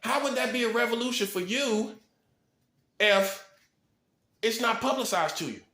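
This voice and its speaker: High male preacher, rhetorical and punchy, self-amused, recorded in a roomy apartment. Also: pushed and bright. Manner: rhetorical, fast-talking, punctuates points with "boom"; chuckles at his own points. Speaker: self-styled prophet. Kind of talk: preaching monologue to camera. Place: apartment room. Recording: echoey room.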